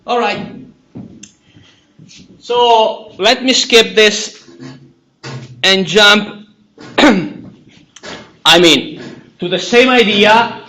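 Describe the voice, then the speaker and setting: A man's voice: high-pitched, very slow, long pauses, sharp tone, roomy sound, recorded from a distance, low-quality recording. A man with an Italian accent giving a university lecture in a chatty way, repeating key words and checking in with "right?". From Italy. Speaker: university instructor. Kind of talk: lecture to a class. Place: lecture hall.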